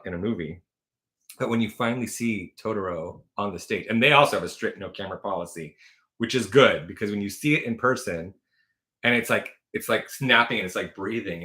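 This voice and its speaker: A man's voice: fairly low pitch, sharp tone. A man hosting a casual livestream, telling rambling stories full of fillers and self-corrections. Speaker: livestream host.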